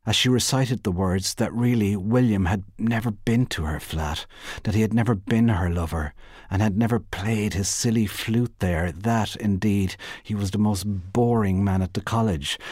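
A man reading a literary short story aloud in a measured, unhurried way. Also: lowish voice, a little mellow, no room sound, studio quality. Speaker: guest reader.

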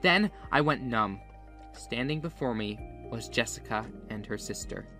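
A man's voice: medium pitch, animated, unhurried. A man telling a first-person story as scripted, earnest confessional narration. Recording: faint music behind the voice.

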